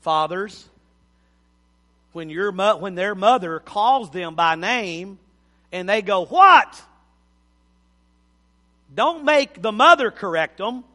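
A man, preaching a folksy sermon and repeating words when he presses a point. His voice is high and bright. The sound carries the long reverb of a church hall. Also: animated, slow pace. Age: 50s. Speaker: pastor. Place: church sanctuary.

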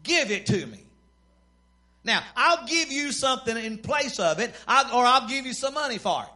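A man's voice: very high voice, animated, moderate pace, bright, forceful tone, heavily acted. A preacher playing a greedy, whining king. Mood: demanding. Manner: whiny, demanding. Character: greedy spoiled male king, sulking.

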